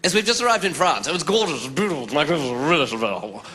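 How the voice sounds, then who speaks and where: A woman's voice: deep voice, expressive, quick pace, crowd noise. A man voicing a chirpy, posh English businesswoman chatting gushingly on a mobile phone. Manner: gushing, sing-song.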